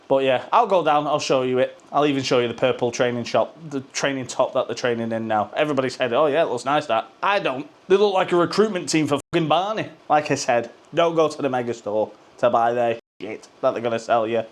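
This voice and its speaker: A man, a football fan vlogger ranting to camera in a sweary, sarcastic, rambling way, hot and sweating. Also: medium pitch. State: sweating from the heat. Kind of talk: ranting casual monologue to camera.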